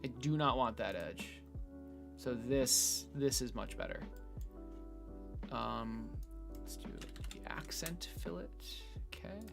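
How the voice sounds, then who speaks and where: Slow, gravelly man musing aloud. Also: medium pitch, animated, over music. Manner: hesitant, thinking out loud with fillers and restarts. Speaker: hobbyist robot builder. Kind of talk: casual think-aloud screen recording. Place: bedroom at home.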